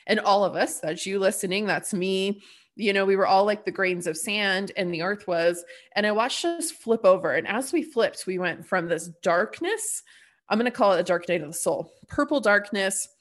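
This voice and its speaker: A woman's voice: mid-range voice, normal speed. A woman hosting her own podcast in a casual spiritual monologue, chatty and full of fillers, blunt and cheerfully profane. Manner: chatty, full of "like" and "you know". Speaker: podcast host.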